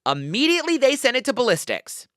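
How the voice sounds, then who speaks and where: Lively woman telling a true-crime story. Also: a little high, quick pace, no echo, clean studio sound. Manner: animated storytelling, acting out suspects in mocking voices. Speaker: podcast co-host. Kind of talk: casual true-crime chat.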